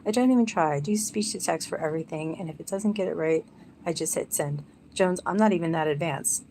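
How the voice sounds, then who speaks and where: A woman's voice: deep voice, brisk, mellow, slight background noise. A young woman rambling casually on a live stream, chatty and self-mocking.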